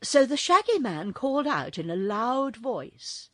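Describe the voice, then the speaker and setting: A woman narrating a children's audiobook in a very expressive storytelling voice. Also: a little high, measured pace, few pauses, no room sound, studio quality.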